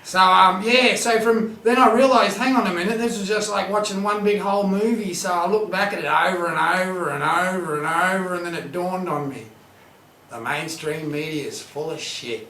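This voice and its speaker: Loud crude Australian bloke, high-pitched comic host, recorded in an echoey room. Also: male voice, fairly even intonation, a little fast, few pauses, slight background noise. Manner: loud, crude, laughing, says "mate" constantly. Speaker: show host. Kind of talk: brash comic bogan banter.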